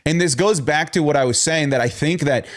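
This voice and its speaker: A man co-hosting a casual podcast, mock-dramatic and quick to laugh. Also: a little high. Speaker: podcast co-host. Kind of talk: casual chat.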